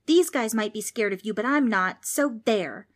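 A woman's voice: mid-range voice, animated, slow pace. A woman voicing a feisty, defiant young girl who talks back in a snappy, sassy way.

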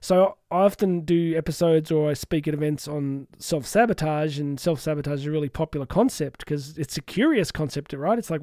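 A man's voice: a little high, a little fast, few pauses, darkish tone, dry recording, studio quality. A middle-aged man hosting a solo podcast, talking earnestly and reflectively with frequent restarts and asides. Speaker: podcast host and coach.

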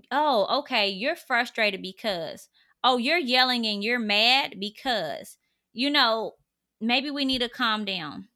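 Bright-voiced pregnant woman giving parenting advice. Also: medium pitch. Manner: earnest, direct, conversational. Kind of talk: casual advice monologue.

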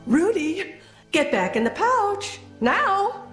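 A shrill mother kangaroo from a cartoon film barks orders in a very high, wildly swooping voice. She drags her words out slowly and sounds bossy and commanding, with music playing faintly behind. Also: sing-song, reverberant, heavily acted.

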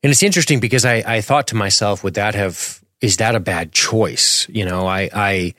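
A man's voice: fairly low pitch, moderate pace, no room sound, clean studio sound. A man co-hosting a podcast, chatting casually as he recaps a TV episode and reads questions from the chat. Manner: relaxed, laughs often, reads chat questions. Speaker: podcast co-host.

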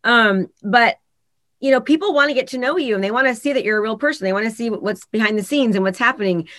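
A woman's voice: on the high side, fast talker, dry recording. A woman, a real estate agent and coach, talking candidly in a casual podcast interview and acting out the people she quotes. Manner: candid, animated storytelling with voiced quotes.

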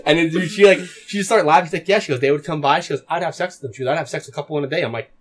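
A man's voice: a little high, rapid-fire. A young man co-hosting a podcast, telling crude stories in casual chat and mimicking the people in them. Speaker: podcast co-host.

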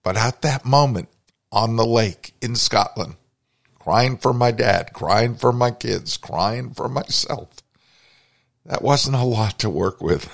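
A man's voice: mid-range voice, slow pace, creaky. A man hosting a podcast, telling a personal story in a reflective, confessional way. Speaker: podcast host.

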